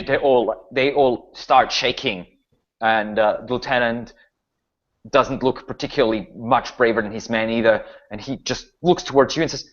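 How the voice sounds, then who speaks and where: A man's voice: mid-range voice, fairly even intonation, normal speed. Male game master, casual rambling narration, dull lo-fi recording. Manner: loose, filler-heavy narration. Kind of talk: narrating a tabletop horror game.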